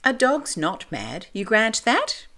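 Storybook cat, grinning and teasing, lively lilt; woman reader. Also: a little high, takes it slowly, pitched above the performer's own voice, exaggerated voice. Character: grinning riddling male cat, calm and teasing.

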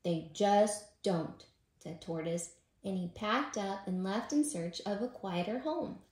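A woman who teaches preschool, reading a children's bedtime story aloud in a gentle, expressive way. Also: medium pitch, a little slow, a little hiss or hum. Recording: roomy echo.

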